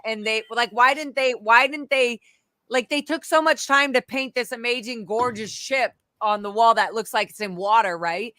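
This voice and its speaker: Bright-voiced woman telling stories animatedly. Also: a little high, normal speed, no echo, studio quality. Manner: animated, profane, acts out quoted voices. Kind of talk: candid storytelling conversation.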